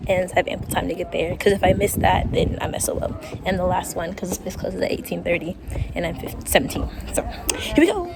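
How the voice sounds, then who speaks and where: Woman, travel vlogger, playful asides to viewers, handheld camera outdoors, clear street and wind ambience. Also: lowish voice, expressive, fairly quick. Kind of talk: casual travel vlog chat. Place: outdoors at a hilltop palace site. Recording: outdoor ambience and passing vehicle noise.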